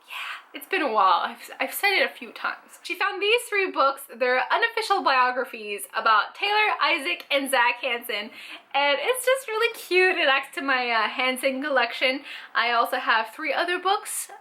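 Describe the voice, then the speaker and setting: A young woman from Canada talks through a casual book haul vlog. Her voice sits high and sounds sharp and bright. She chats eagerly, full of likes and ums. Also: very animated, moderate pace. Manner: chatty, enthusiastic, lots of fillers. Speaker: book vlogger.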